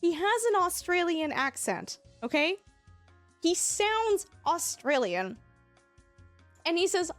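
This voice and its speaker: A young woman, livestreaming and telling a story casually, animated and laughing often. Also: very high voice, takes it slowly, no room sound, faint music behind. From Canada.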